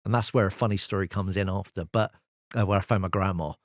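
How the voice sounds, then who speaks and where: Lowish-voiced man telling stories. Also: fast, no echo, clean studio sound. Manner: lively storyteller, animated anecdotes. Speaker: sales expert guest. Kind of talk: casual storytelling interview.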